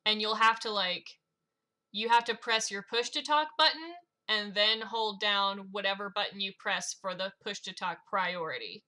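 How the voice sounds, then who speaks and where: Woman player, bright voice, talks through steps plainly. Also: mid-range voice, normal speed. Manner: explains things step by step, laughs easily. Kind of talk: casual chat before a tabletop game.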